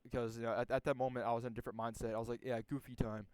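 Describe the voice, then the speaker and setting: A man's voice: mid-range voice, flat delivery, rapid-fire, a little mellow, no echo. A young man casually telling a story from his school days, rambling and profane, with many restarts and fillers.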